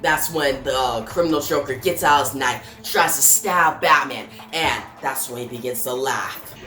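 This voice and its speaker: Going through a comic issue one scene at a time, a male reviewer plainly narrates the events and voices the sound effects. He speaks at normal speed with a medium pitch, against a roomy echo and faint music.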